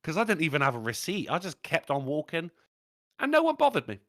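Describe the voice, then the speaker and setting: A man's voice: a little high, a little fast, no room sound, studio quality. A British man co-hosting a podcast, telling mischievous anecdotes in casual chat and swearing freely. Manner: animated, profane, mischievous storyteller. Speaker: podcast co-host.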